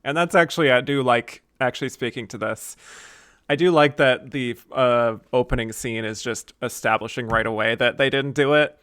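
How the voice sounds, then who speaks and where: A man's voice: medium pitch, moderate pace, a bit bright, no echo, clean studio sound. A man hosting a podcast, chatting casually and wryly about a film, laughing often. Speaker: podcast host.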